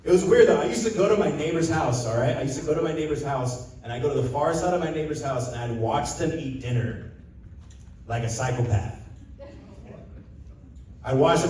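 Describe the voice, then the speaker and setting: Young stand-up comic from SoCal, slightly high voice, loose crowd-work delivery, heavy room echo, heard from a distance. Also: male voice, a little fast, dark tone. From Southern California. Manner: chatty crowd work, loose storytelling with act-out quotes. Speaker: stand-up comedian. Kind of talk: stand-up comedy set. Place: casino stage with a live audience. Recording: very echoey room, voice a bit distant.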